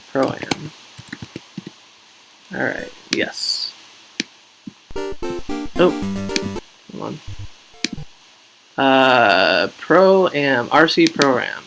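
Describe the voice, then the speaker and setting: A man's voice: mid-range voice, creaky, low-quality recording. A man hosting a casual game live stream, rambling, joking at his own expense and reading out viewer names.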